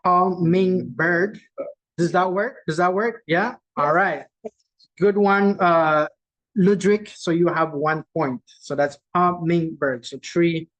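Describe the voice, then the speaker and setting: This virtual-conference host has a steady, mid-range voice with a slight brightness, though the audio is poor. Running the quiz casually over video, they go through each clue slowly twice, read out what people type in the chat, and keep adding "right?"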